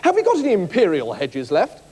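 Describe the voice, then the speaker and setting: A man's voice: high voice, huge pitch swings, a little fast, mellow, slightly rough, heavily acted. An actor playing a hesitant, slightly flustered male customer in a comedy sketch. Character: awkward male customer buying a hedge.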